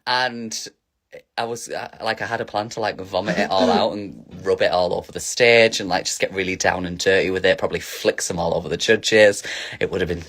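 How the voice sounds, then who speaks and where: A man's voice: low voice, fairly even intonation, a little fast, fairly bright tone. A man casually chatting on a phone livestream as a drag performer, reading viewer questions aloud and answering with camp, giggly energy.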